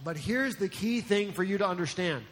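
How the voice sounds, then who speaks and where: A man's voice: high voice, animated, moderate pace, a bit bright. A man from New Jersey preaching a sermon as a pastor, in a conversational, joking way. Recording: long reverb in a large hall.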